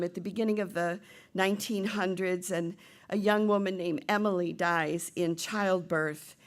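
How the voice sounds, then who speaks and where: A middle-aged woman minister preaching a sermon, retelling a play and voicing its characters with lively shifts. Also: lowish voice. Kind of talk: sermon with storytelling.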